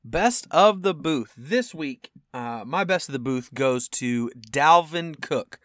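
A young man co-hosting a football podcast in casual chat, animated and acting out quotes with sudden loud outbursts. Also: a little high, takes it slowly, dry recording, studio quality. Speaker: podcast co-host.

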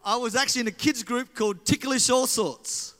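A man's voice: very high voice, brisk, a bit bright. A man with an Australian accent preaching in a joking way, talking back and forth with the crowd. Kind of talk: sermon. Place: large hall. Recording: live hall with reverb.

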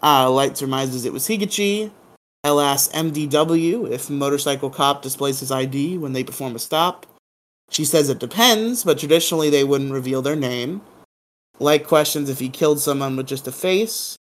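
A man's voice: medium pitch, normal speed. A man hosting a podcast, recapping a TV episode in a casual, joking, irreverent way. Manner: joking, irreverent, hums silly sound effects. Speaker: podcast host.

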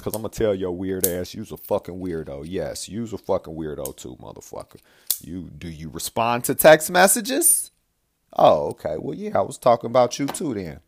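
Gravelly low-voiced guy going off on a podcast, cussing a lot, pitch all over the place. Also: a little hiss or hum. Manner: profane, blunt, repeats himself. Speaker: podcast host. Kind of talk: casual rambling monologue.

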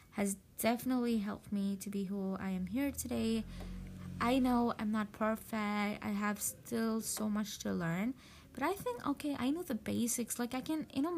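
Hosting a casual podcast in English, her second language, this woman talks loosely with frequent fillers and restarts. Her mid-range voice is gravelly and a little mellow, and the audio comes from a voice message recording.

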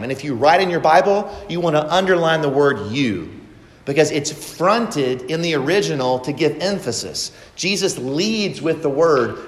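A man's voice: on the high side, animated, measured pace, roomy sound, long reverb tail. A man preaching a sermon as pastor, asking the congregation rhetorical questions.

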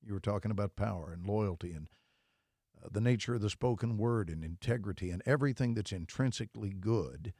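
An actor playing an older Texan good old boy with a Texan accent, speaking very slowly with long pauses. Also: lowish voice, dark tone, no echo, studio quality. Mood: earnest.

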